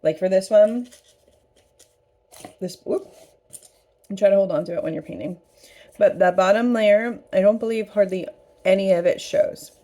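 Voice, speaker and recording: A woman's voice: medium pitch, moderate pace, long pauses, dark tone. A woman hosting a casual craft painting tutorial, chatty and upbeat as she works. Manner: chatty, upbeat, talks while eating. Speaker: craft studio host.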